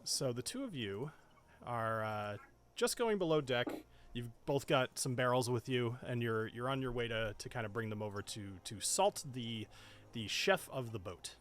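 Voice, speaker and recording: Lively man narrating as game master. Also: mid-range voice, moderate pace. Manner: lively, chuckling narration with frequent fillers. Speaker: dungeon master.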